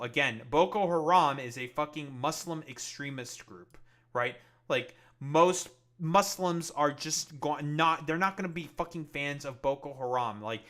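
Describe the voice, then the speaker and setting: A man's voice: medium pitch, pushed and bright. A man streaming political commentary, ranting angrily with heavy swearing and many fillers. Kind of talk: profane livestream commentary.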